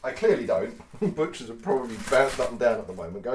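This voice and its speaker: Lively chatty man, swearing. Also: mid-range voice, fast talker, hardly any pauses, a little hiss or hum. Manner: chatty, swears, laughs often, loud then quiet. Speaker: vlogger. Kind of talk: casual cooking vlog. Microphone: mic on the kitchen table.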